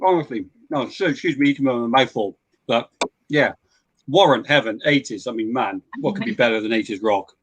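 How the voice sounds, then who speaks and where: A man's voice: medium pitch, a little fast, a bit bright, slight background noise. A man guesting on a casual podcast, speaking in an easygoing, enthusiastic way. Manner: easygoing, enthusiastic about eighties rock. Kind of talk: casual chat.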